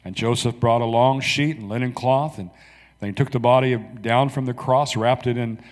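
A man preaching, reading scripture aloud slowly and dramatically, with soft asides to the congregation. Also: medium pitch, fairly even intonation, long reverb tail.

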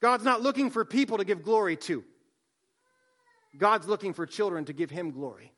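A man, a pastor, preaching a sermon, swinging from soft hushed line endings to loud emphatic lines. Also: high voice, expressive, moderate pace.

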